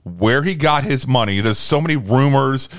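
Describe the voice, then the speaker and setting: A man's voice: medium pitch, normal speed, fairly bright tone. A man co-hosting a casual movie chat, ranting bluntly with heavy cursing. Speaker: podcast co-host.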